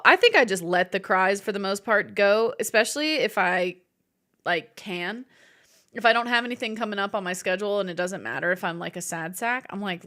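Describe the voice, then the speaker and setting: A woman with a medium-pitched, bright and forceful voice is streaming live, reading viewer messages and chatting in a bubbly way. She giggles often and playfully acts out her own thoughts.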